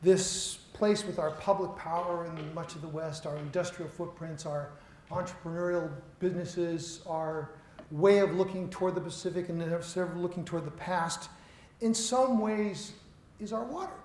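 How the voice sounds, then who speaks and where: A man's voice: on the high side, steady tone, moderate pace, a little mellow. A middle-aged man from Seattle giving a conference keynote lecture, conversational and self-deprecating as he tells stories to an audience. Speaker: keynote speaker. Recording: echoey hall, faint noise.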